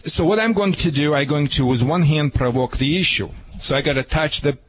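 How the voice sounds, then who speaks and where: A man with a foreign accent giving dog training advice on a radio show, emphatic and demonstrative, barking out sharp commands. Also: on the high side, fairly quick, low-quality recording. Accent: foreign accent in English. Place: radio studio.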